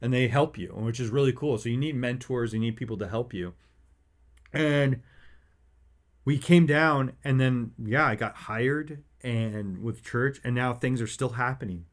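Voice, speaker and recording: A man's voice: mid-range voice, a little slow. Male podcast host, thirties, chatty and restless, often restarts his sentences. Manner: rambling, excitable, many restarts. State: emotional. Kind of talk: casual chat.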